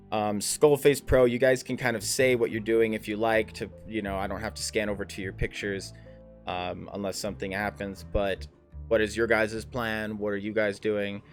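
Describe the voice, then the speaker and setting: A man narrating a tabletop game as game master, rambling with many fillers and restarts. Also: on the low side.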